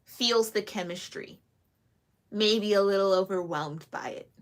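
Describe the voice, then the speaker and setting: A woman's voice: medium pitch, measured pace. Chatty giggling woman tarot reader. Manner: chatty, giggly, lively asides. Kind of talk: casual tarot reading to camera.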